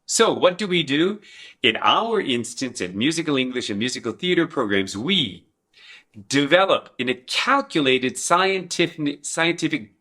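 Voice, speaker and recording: Slow, bright-voiced male lecturer. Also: on the high side, animated. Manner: rhetorical questions, demonstrates with babbling and sung syllables. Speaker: educator presenting a teaching method. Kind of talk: explanatory lecture.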